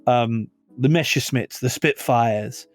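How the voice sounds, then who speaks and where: A man co-hosting a casual podcast, talking with animated passion and quoting film lines. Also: medium pitch, takes it slowly, no room sound, faint music behind. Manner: animated, impassioned rants with quoted film lines. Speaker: podcast co-host.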